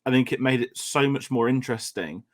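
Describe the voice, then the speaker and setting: A man's voice: medium pitch, a little fast. A man with an English accent, hosting a casual film discussion and rambling through his points with many restarts. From England. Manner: rambling, with frequent restarts and fillers.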